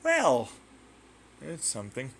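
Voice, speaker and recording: A man hosting his own channel, talking through a rambling, excitable science monologue full of tangents, sound effects and swearing. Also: medium pitch, takes it slowly, gravelly, slight background noise. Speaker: channel host.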